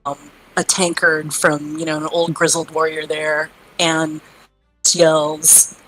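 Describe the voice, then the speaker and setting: Female player, low voice, slow relaxed narration. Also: soft background music, low-quality recording. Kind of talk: tabletop role-play.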